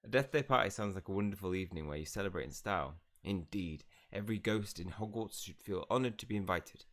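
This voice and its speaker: Guy doing a grand old ghost lord, all formal and showy, low gravelly voice. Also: lively intonation, fast talker, a bit bright. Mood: grandiose. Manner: grand, formal delivery, attempting a British accent. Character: pompous old male ghost nobleman, theatrical. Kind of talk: reading game dialogue aloud.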